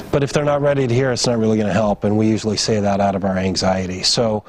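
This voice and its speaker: In a training room, a man with a lowish, slightly mellow voice lectures emergency staff on grief, talking fast with few pauses and fairly even intonation. He's conversational, raising his voice to act out family members' lines, over a little hiss or hum.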